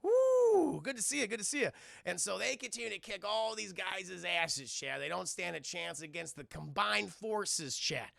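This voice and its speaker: A man streamer giving a casual film review to his live chat, retelling scenes in a profane, animated way. His voice is high and heavily gravelly with a bright edge. The sound is dry and close. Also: normal speed, dry recording.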